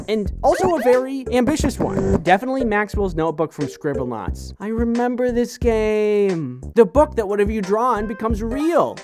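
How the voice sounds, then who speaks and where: A young woman giving playful, wry commentary in a casual vlog. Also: mid-range voice. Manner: playful and wry, with joking asides. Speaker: vlogger.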